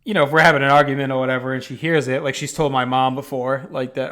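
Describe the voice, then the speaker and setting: A man's voice: mid-range voice, quick pace, few pauses. A man co-hosting a podcast, telling a story in casual chat, with lots of fillers and swearing. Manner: animated, swears freely, many fillers. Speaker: podcast co-host.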